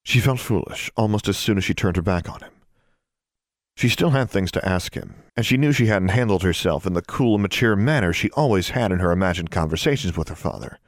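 A male narrator reads a fantasy audiobook in an even, measured manner. His voice sits low and deep, and it is recorded close and dry, with no room sound around it. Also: no echo.

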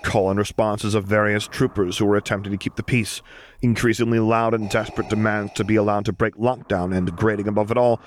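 Low-voiced male story reader. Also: level tone, fairly quick, slight background noise. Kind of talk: audiobook fan-fiction reading.

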